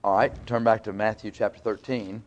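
A man's voice: on the low side, steady tone, moderate pace, muffled recording. A man preaching a sermon in a folksy, conversational way, teaching verse by verse with asides to the congregation.

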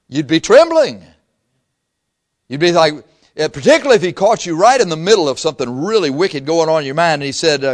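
A man preaching a sermon, acting out little scenes and swinging from loud outbursts to hushed asides. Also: fairly high pitch, sing-song, a little fast.

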